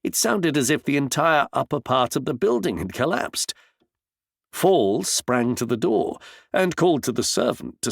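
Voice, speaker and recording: Male audiobook narrator, gravelly, lively intonation, dry close-mic read. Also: medium pitch, no room sound. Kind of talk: scripted narration.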